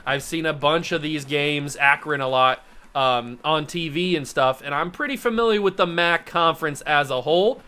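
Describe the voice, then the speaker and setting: Gaming host, male, bright and fairly high voice, loose self-amused commentary while playing. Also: moderate pace, clear, resonant tone. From Ohio, USA. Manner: chatty, thinks aloud, self-amused. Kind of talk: casual gameplay commentary.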